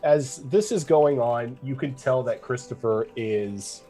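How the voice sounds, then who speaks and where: Man, game master, mid-pitched, casual tabletop narration. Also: a little slow, mellow, faint music behind. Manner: casual, with many "like" fillers.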